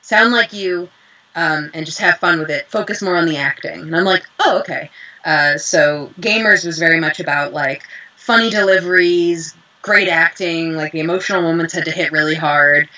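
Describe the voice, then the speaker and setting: A young woman, a voice actress, chatting in an interview and telling lively stories with acted-out quotes. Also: deep voice, normal speed, dull audio. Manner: animated storyteller, acts out quotes. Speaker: voice actress guest. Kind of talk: casual interview chat.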